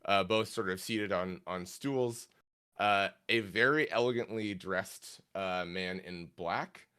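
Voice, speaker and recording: Low-voiced guy running a tabletop game, slow, lots of ums, smooth voice. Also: sharp tone. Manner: halting, full of fillers. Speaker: game master.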